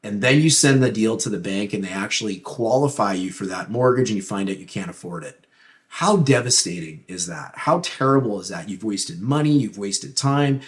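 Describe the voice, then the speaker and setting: A man's voice: on the low side, lively intonation, a little fast. A man with a Canadian accent, a real estate agent earnestly walking viewers through buying a home, stressing key words as he presents. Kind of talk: presenting a buyer's guide to camera.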